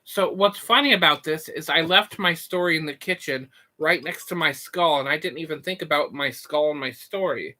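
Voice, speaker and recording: A man's voice: fairly high pitch, moderate pace, few pauses, sharp tone. A young man chatting casually on a live stream, rambling, joking and answering his chat. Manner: goofy, rambling, reads chat and jokes.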